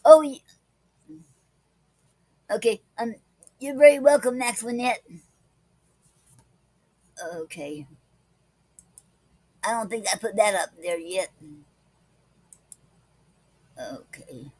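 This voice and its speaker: Slow-reading woman poetry host. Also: on the high side, a little mellow, breathy edge, dry recording, poor audio. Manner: slow deliberate reading with many pauses and fillers. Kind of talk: live-stream poetry reading.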